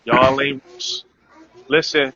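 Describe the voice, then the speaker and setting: A man's voice: mid-range voice, fairly even intonation, slow pace, sharp tone. A man hosting a casual live-stream chat, loose and promotional, with many filler words. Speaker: host. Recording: dull lo-fi audio.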